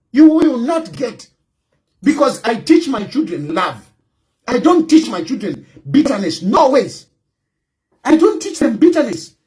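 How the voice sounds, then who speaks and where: A middle-aged man with a Zambian accent holds forth in an impassioned monologue. His voice sits high and leaps up and down, and he hammers his points again and again, often climbing into a shout. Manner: fervent and repetitive, often raising his voice to a shout. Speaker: political commentator.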